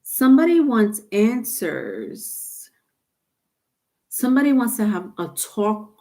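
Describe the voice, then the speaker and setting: A woman's voice: fairly high pitch, very animated, slow, warm tone. A woman giving a live-streamed tarot reading, rambling with many fillers and restarts. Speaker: tarot reader.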